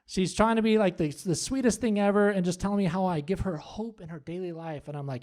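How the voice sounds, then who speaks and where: A man hosting a comedy show on stage, doing his stand-up set with punchy, animated delivery and asides to the crowd. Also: high voice, fairly quick, few pauses. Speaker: stand-up host. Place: comedy club. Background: audience laughter.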